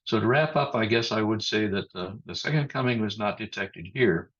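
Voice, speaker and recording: Over muffled sound reminiscent of a video call, a male pastor preaches slowly and thoughtfully, with pauses and restarts. His husky voice leans a little low and carries a slightly bright quality.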